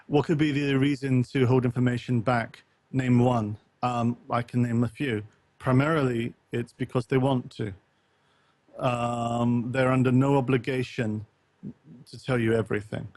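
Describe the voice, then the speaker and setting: A man's voice: medium pitch, flat delivery, unhurried, darkish tone, dry recording. Hesitant man hosting a podcast, dry sound. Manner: hesitant, many ums and restarts, reads chat comments aloud. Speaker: podcast host. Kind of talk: casual podcast discussion.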